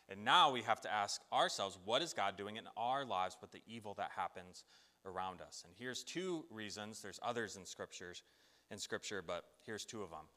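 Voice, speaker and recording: Animated male preacher in a reverberant hall. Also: on the low side, normal speed. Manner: animated storytelling, acts out biblical voices. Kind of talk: sermon.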